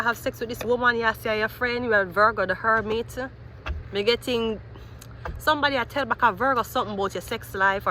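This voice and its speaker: Woman, tarot reader, bright edge, talks it through out loud. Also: mid-range voice, slight background noise. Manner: animated, rambling, thinking aloud. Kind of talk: tarot reading monologue.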